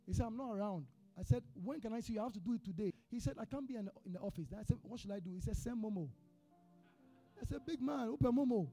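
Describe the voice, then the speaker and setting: Lively high-voiced Ghanaian preacher man. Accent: Ghanaian English. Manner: animated storyteller, swings from hushed to shouting. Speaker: pastor. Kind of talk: sermon with personal storytelling.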